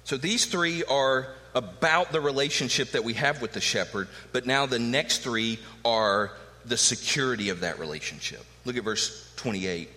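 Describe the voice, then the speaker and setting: A man's voice: mid-range voice, moderate pace, few pauses, bright, forceful tone. A middle-aged man preaching a sermon with emphatic rhetorical questions. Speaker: pastor. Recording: long hall reverb.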